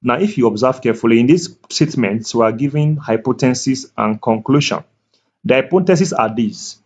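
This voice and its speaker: A man tutoring math at a board, speaking slowly and deliberately, repeating key words and checking that the viewer is following. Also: mid-range voice, lively intonation, a little mellow, husky. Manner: slow, deliberate, repeats key words, asks "can you see that?". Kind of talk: whiteboard math lecture. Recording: dull lo-fi recording.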